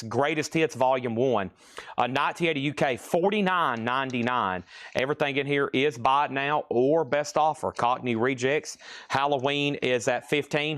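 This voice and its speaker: A man's voice: mid-range voice, fairly bright tone, no echo, clean studio sound. A man hosting a live-stream record sale, rattling off album titles and prices and calling bids going once, going twice. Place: record shop.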